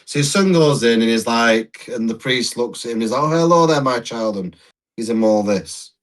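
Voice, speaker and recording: A man's voice: mid-range voice, normal speed. A man co-hosting a casual podcast, telling rambling anecdotes with restarts and laughter. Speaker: podcast co-host. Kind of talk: casual chat, storytelling.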